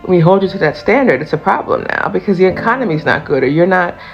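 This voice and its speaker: This adult commentator speaks fast in a fairly low, gravelly, expressive voice as she lectures men about dating in a blunt, dismissive way. It's a social media video clip, and the audio sounds dull with background music.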